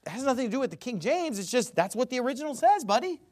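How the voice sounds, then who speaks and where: A man's voice: very high-pitched, sing-song, very fast, darkish tone. A man giving a ranting commentary, emphatic and sarcastic, who often stammers and restarts his sentences. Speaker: religious commentator.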